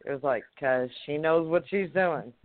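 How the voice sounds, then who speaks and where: A woman's voice: low voice, normal speed. Chatty woman caller on a phone line. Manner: chatty storyteller, lots of fillers. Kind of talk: casual chat on a call-in show. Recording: tinny phone-line audio.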